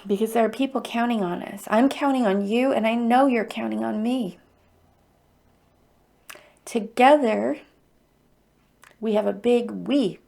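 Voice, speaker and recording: A woman's voice: a little high, a little slow, vocal fry, pauses often, warm tone. A middle-aged woman hosting a livestreamed EFT tapping circle, speaking in a heartfelt, openly emotional and encouraging way. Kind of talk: livestream guided tapping talk.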